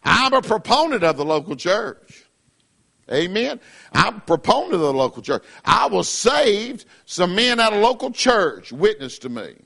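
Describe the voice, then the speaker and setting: A man's voice: high voice, very animated, measured pace, creaky, bright, forceful tone. A middle-aged man preaching a fiery sermon as pastor, in an emphatic, repetitive cadence.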